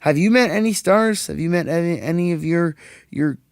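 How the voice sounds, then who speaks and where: A man's voice: fairly high pitch, moderate pace, clear, resonant tone, dry recording, studio quality. Profane young man telling stories. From Canada. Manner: profane, rambling storyteller who acts out quotes. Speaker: podcast host. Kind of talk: casual podcast chat.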